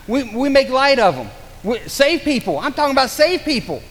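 High-voiced preacher in a reverberant hall. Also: male voice, very animated, moderate pace. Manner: swings between loud urgent preaching and low hushed warnings; acts out excuses in mocking quoted voices. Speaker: pastor. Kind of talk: sermon. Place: church.

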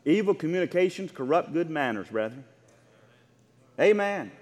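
A man's voice: fairly high pitch, lively intonation, moderate pace, darkish tone, long reverb tail. A man preaching a sermon with impassioned, rhythmic delivery, reading scripture and addressing the congregation.

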